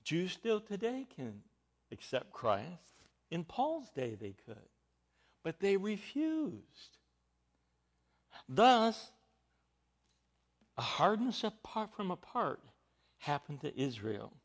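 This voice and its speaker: Slow, animated man preaching a sermon. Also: sits high. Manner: emphatic, rising and falling with stress on key words. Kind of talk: Bible teaching sermon.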